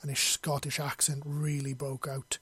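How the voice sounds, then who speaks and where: A man narrating a fantasy story in a steady, measured read. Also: mid-range voice, breathy edge, no echo.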